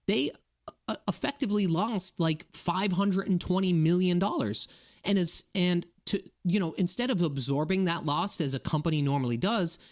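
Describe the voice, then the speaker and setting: A man from Massachusetts giving a casual, indignant rant to his viewers, often checking in with "okay?" and "right?". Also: a little high. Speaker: political commentator.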